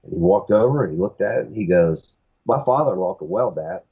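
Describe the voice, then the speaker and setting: A man's voice: sits low, animated, a little fast, slightly rough, narrow, tinny audio. A man on a podcast telling a long rambling anecdote, acting out the other people's lines. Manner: rambling anecdotes with quoted dialogue. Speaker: podcast guest. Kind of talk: casual storytelling.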